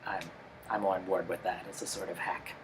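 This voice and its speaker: A co-host in a casual review chat, explaining and criticizing with quick asides. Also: sits low, level tone, a little hiss or hum, poor audio. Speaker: podcast co-host.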